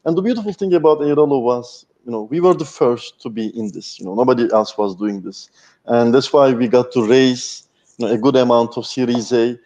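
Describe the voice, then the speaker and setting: A man's voice: mid-range voice, a little fast, a little mellow, dull audio. A man, a guest speaker talking candidly and passionately, swearing freely. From Turkey. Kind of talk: candid interview talk.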